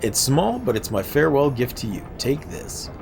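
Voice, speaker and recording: A man with a sore throat voicing a friendly, grown sailor who warmly invites a young hero to sea and says goodbye. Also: medium pitch, very animated, normal speed, gravelly, soft background music, pitched above the performer's own voice. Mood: warm farewell. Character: friendly grown male sailor bidding farewell.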